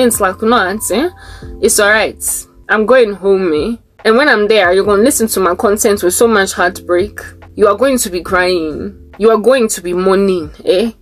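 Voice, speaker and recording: A woman speaking as a Christian vlogger in a casual, rambling monologue, reading search results aloud and sometimes breaking into sing-song chanting. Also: medium pitch.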